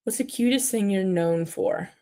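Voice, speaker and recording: A woman's voice: mid-range voice, normal speed, mellow. A woman hosting a casual livestream with puppets, chatting, reading comments aloud and muttering to herself while clicking around.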